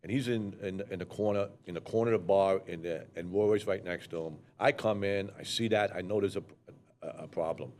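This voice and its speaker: A man's voice: sits low, a little fast, a little mellow. Blunt, swearing older New York man. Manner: blunt, rambling, swears freely. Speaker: co-host telling stories. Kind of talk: casual storytelling conversation.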